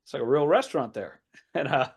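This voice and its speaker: A man in his thirties, an assistant basketball coach, telling stories in a casual podcast interview with lively, acted-out quotes and frequent laughs. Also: mid-range voice, fairly quick, gravelly, husky. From United States. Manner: animated anecdote-telling, acting out quoted voices, laughs often.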